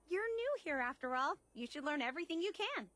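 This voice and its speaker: A woman voicing an eager female collector obsessed with a soft drink, speaking with bubbly enthusiasm in video game dialogue. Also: very animated, brisk, dry recording. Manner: enthusiastic, bubbly sales pitch.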